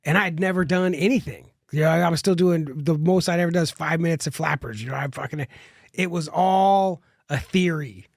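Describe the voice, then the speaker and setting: A man tells a rambling story on a podcast, restarting his sentences and swearing casually. His voice sits a bit high and is gravelly and husky. The sound is close and dry. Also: brisk, dry recording. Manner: rambling, many restarts and fillers, swears freely. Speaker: guest comedian.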